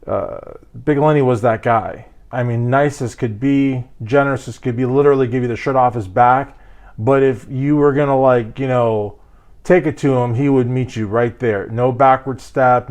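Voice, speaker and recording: A man's voice: mid-range voice, a little mellow. Male fitness channel host, mid-range voice, loose rambling off-the-cuff commentary. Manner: rambling, heavy on fillers and restarts. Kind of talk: casual commentary monologue.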